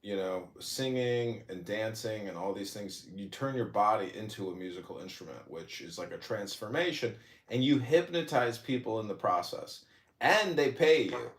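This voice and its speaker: A man's voice: lowish voice, lively intonation, normal speed. Rambling, boastful male podcast host. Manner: rambling, boastful, laughs at own jokes. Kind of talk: casual chat, storytelling. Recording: roomy echoey audio.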